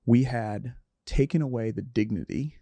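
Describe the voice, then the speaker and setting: A middle-aged man speaks candidly in a reflective interview, his voice mellow and gravelly. He halts and restarts as he works through a story. The studio sound is close and dry. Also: mid-range voice, dry recording. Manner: earnest, candid, halting with restarts. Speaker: podcast guest.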